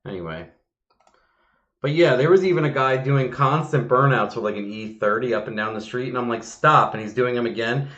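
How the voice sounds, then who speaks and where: A man hosting a casual podcast chat, telling stories in a lively way and acting out what people said, with swearing. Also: medium pitch, fairly quick. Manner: animated, acts out quotes with swearing. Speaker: podcast host. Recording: roomy, dull lo-fi sound.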